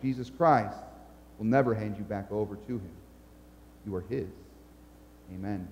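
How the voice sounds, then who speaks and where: A man's voice: lowish voice, a little slow, darkish tone, big-room sound, dull audio, slight background noise. A male pastor preaching an earnest, emphatic sermon in a church.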